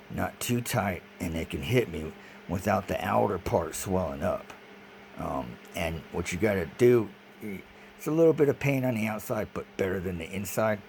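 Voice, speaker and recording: A man's voice: low-pitched, vocal fry. A man in a rambling, agitated video monologue who repeats himself and swears often. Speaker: vlogger. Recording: noisy background.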